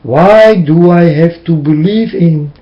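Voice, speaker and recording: A man's voice: on the high side, takes it slowly. A man giving an emotional religious monologue from his room, pleading and preaching as his voice keeps breaking into tears. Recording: dull lo-fi recording.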